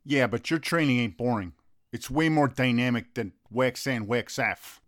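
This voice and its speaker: A man's voice: mid-range voice, normal speed, no echo, clean studio sound. A man in a comedy sketch talking bluntly and teasingly to a friend, swearing freely in street-tough slang. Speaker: friend of the coach.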